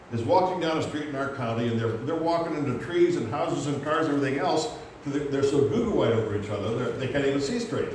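Guy preaching a sermon, gets animated, big echoey church hall, faint hum behind. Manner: animated preaching, acts out quotes in loud high voices.

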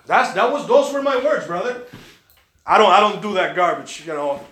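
High bright-voiced preacher man, echoey. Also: moderate pace. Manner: animated storytelling, acts out quoted voices. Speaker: pastor. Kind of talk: sermon with personal story. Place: church.

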